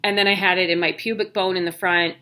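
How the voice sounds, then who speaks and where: A worn-out-sounding vlogger in her thirties talks fast to the camera about her health news, her fairly low, steady voice pushed and bright. She keeps it casual and candid, slipping in jokey asides.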